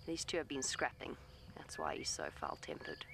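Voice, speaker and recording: Speaking from her vehicle outdoors, a female safari guide coaxes an elephant in a soothing, pleading tone while explaining its behavior matter-of-factly in live commentary to camera. Her voice is very deep, sing-song, creaky and a bit bright, at a moderate pace, with slight background noise.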